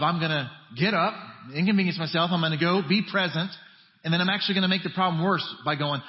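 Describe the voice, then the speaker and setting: Male pastor, slightly high voice, conversational sermon with hushed-to-emphatic swings; muffled recording with long sanctuary reverb. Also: brisk. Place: church sanctuary. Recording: dull audio with long church reverb.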